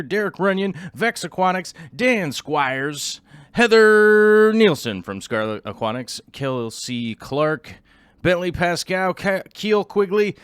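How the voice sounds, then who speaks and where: A man hosting a casual livestream, reading out viewers' names and chatting in an excitable, loud way that swings from yelling to mumbling. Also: mid-range voice, clear, resonant tone, dry recording, clean studio sound. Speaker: livestream host.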